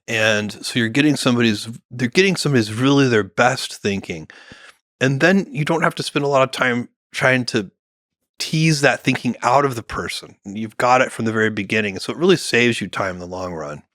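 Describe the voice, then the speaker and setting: Bright-voiced man, measured and musing. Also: medium pitch, no room sound, studio quality. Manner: measured, thinks aloud with many "you know" fillers and restarts. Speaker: guest, company founder. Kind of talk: relaxed podcast conversation.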